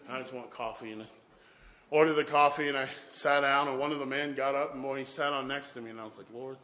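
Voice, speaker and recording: A man's voice: medium pitch, little pitch movement, fast, bright, forceful tone, echoey room, poor audio. A man preaching a sermon, telling stories and often repeating "boy" and "can I tell you this". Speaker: pastor.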